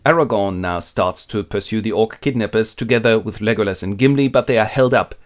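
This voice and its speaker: A man with a German accent telling a fantasy epic as a quick comic retelling, narrating and jumping into character voices. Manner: playful, switches into squeaky voices for characters.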